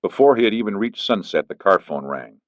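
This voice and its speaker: A man narrating an audiobook in a steady, even reading. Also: lowish voice, a little fast, no echo. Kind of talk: scripted narration. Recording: dull lo-fi, dry studio.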